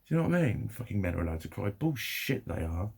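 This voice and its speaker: A man's voice: on the low side, big pitch swings, fast talker, gravelly, darkish tone, husky. A young man ranting to camera in a sweary, rambling, heated way. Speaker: vlogger.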